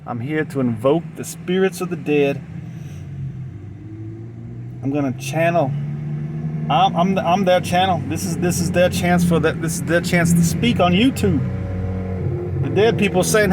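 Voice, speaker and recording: A sleep-deprived man with a put-on Southern accent rambling to camera outdoors, halting and repeating himself with many restarts. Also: on the high side, a little hiss or hum. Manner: halting, repetitive, full of restarts. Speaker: vlogger. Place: outdoors in a parking lot.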